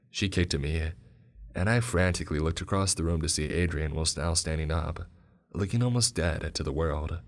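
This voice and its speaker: A man narrating a horror story in a steady, grave tone. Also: very deep voice, normal speed. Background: soft music.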